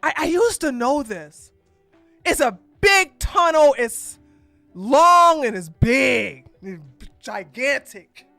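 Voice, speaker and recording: Woman podcast host hollering over clips, bright voice, unhurried. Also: sits high, very animated, vocal fry, no echo, soft background music. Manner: loud, laughing, exclamatory. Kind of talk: live political commentary.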